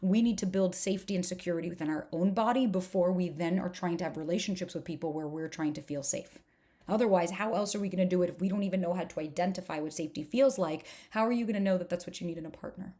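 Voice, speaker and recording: A female dating coach presents her program during a live online workshop, speaking fast in a fairly low, warm voice. Her delivery is frank with occasional swearing, and she fires off strings of rhetorical questions to keep listeners engaged.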